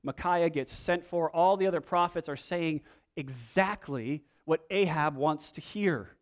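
A man's voice: on the high side, unhurried. A male pastor preaching a sermon in a conversational way, with wry asides.

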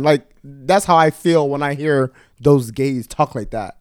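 A man's voice: medium pitch, measured pace, hardly any pauses, a little mellow, clear, resonant tone, dry recording, clean studio sound. A man co-hosting a casual podcast chat, brash and profane. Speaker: podcast co-host.

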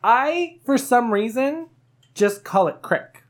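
A woman's voice: fairly low pitch, normal speed. Chatty, laughing woman podcast host. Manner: laughing, rambling, animated. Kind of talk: casual chat with friends.

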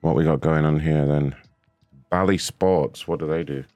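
A man's voice: very deep voice, steady tone, moderate pace, dark tone. A man hosting a prank call show, talking in crude, mocking, rambling banter. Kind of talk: casual profane banter.

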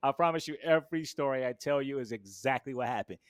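A man recounting a story in a relaxed interview, lively and expressive. He acts out quotes with sudden jumps in pitch and loudness. The sound is dry and close, with no room around it. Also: fast, clean tone, no echo. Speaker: guest.

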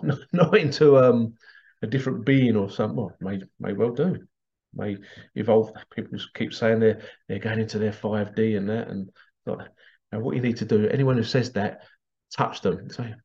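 With a medium-pitched, gravelly, dark voice at normal speed, a man delivers a rambling, casual monologue, chuckling now and then and acting out bits in funny voices. The audio is slightly dull and lo-fi.

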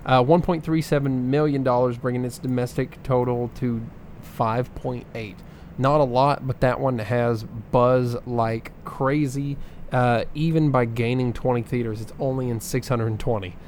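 A man's voice: mid-range voice, steady tone, unhurried, darkish tone. Guy on a podcast rattling off numbers with lots of uhs, faint hiss behind. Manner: reads figures with filler ums and uhs. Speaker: podcast co-host reading box office numbers. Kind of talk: casual chat.

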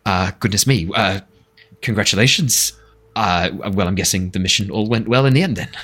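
A man's voice: fairly low pitch, normal speed, fairly bright tone. A man voicing a flustered half-elf man who rambles, stammers and curses easily. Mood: relieved.

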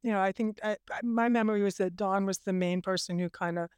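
Friendly woman director, smooth mid-pitched voice, dry close sound. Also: fairly even intonation, fast, darkish tone, dry recording. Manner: friendly, laughs while talking. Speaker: documentary director. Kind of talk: casual interview talk.

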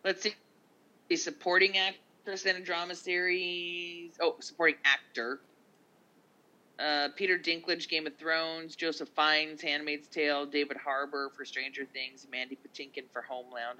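A man co-hosting a casual podcast chat, reading down a list of nominees with quick asides. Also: on the high side, flat delivery, sharp tone, poor audio. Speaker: podcast co-host.

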